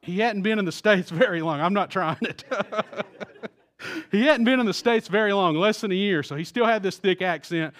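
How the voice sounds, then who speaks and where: A man's voice: high-pitched, normal speed, fairly bright tone. A middle-aged man preaching a sermon in a casual storytelling way, with restarts. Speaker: pastor.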